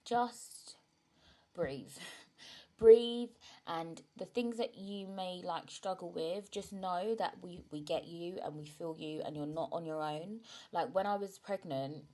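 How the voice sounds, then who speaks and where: A young woman talks through a candid solo podcast in a slightly low, chatty voice. She speaks frankly and often checks in with her listener. An emotional edge runs under her words today. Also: normal speed, hardly any pauses, a little mellow. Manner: frank and chatty, often asks "do you know what I mean". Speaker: podcast host.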